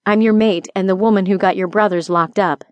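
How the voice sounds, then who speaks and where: A woman's voice: medium pitch, steady tone, fairly quick, no room sound, highs cut off, close to an everyday voice. Lady narrator doing a frank succubus heroine, guarded, close dry sound. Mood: wary. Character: half-demon succubus woman, wary and candid. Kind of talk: audiobook character voice.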